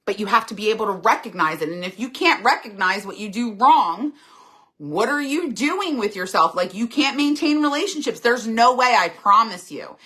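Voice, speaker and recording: A woman's voice: a little high, expressive, moderate pace, bright, forceful tone. A middle-aged woman hosting a casual live chat, reading viewers' comments aloud and answering them earnestly and candidly.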